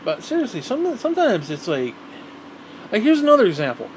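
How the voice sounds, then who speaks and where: Profane rambling man, fairly high voice. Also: huge pitch swings, fairly quick, a little hiss or hum. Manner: profane, rambling, repeats himself, heated. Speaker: vlogger. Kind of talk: rambling monologue rant.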